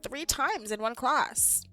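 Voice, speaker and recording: A young woman, an art teacher, chatting casually on a livestream in an animated, exasperated way. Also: sits high. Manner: animated, exasperated ranting with laughs.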